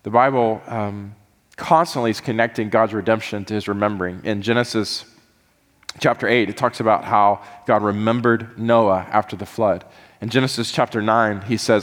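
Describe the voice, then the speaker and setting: A man's voice: mid-range voice, moderate pace, fairly bright tone. Earnest male pastor in a reverberant hall. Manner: earnest, rising into fervent pleading prayer. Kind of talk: sermon.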